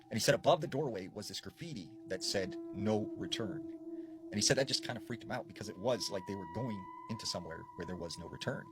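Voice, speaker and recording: A man's voice: lowish voice, noisy background. A man telling a scary story in a casual, rambling way, with lots of fillers. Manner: rambling, full of "like" and "you know".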